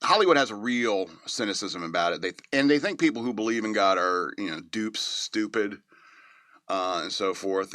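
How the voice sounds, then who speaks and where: A man's voice: lowish voice, moderate pace, bright, forceful tone, dry recording, studio quality. A man hosting a show, giving a casual, rambling movie review with many fillers and chuckles. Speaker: podcast host reviewing a movie.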